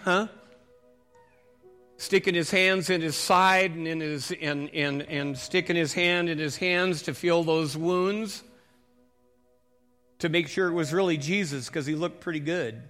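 Bright high-voiced male pastor preaching. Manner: storytelling, swings from loud calls to hushed prayer. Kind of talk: sermon.

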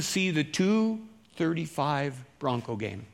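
A man's voice: mid-range voice, measured pace. Folksy male pastor preaching. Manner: conversational, folksy, swings between loud emphasis and quiet asides. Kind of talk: sermon.

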